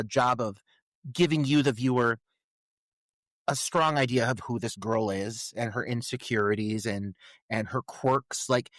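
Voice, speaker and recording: A man's voice: medium pitch, a bit bright, dry recording. Man rambling in a dry movie podcast. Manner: rambling, many fillers and restarts. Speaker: podcast co-host. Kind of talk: casual movie review chat.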